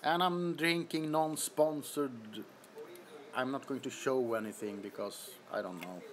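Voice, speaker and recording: In a casual phone-recorded livestream from his apartment bedroom, a heat-sweaty man welcomes viewers and keeps laughing. He speaks in a mid-range voice at a measured pace.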